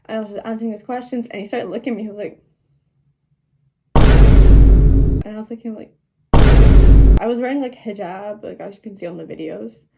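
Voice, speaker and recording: A woman's voice: medium pitch, normal speed, gravelly, pauses often, very noisy. A seventeen-year-old girl chatting through a travel storytime vlog, laughing often and filling her talk with "like". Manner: chatty, laughing, many "like" fillers. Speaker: travel vlogger.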